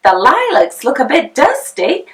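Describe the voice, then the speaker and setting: Woman putting on a shrill, fussy house-proud mother. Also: wildly swooping pitch, measured pace, full character voice. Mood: prim fussy. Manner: prim, high and shrill.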